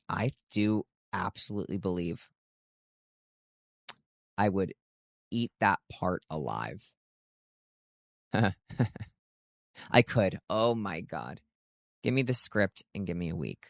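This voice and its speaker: A man with a lowish voice talks through a casual vlog, rambling and gushing with plenty of "like" fillers. The sound is close and dry, with almost no room echo. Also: animated, unhurried, long pauses. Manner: chatty, gushing, lots of "like". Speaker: vlog host.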